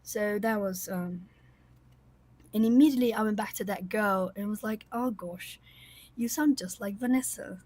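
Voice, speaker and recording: A woman host chatting casually with her viewers on a livestream, rambling warmly with many fillers and little laughs. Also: medium pitch, moderate pace, dry recording. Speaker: coloring channel host.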